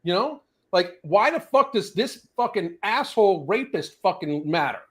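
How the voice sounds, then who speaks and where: Man, high-pitched and swinging, swears constantly as a casual podcast host. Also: moderate pace. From US South. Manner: profane, animated ranting. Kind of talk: casual rant chat.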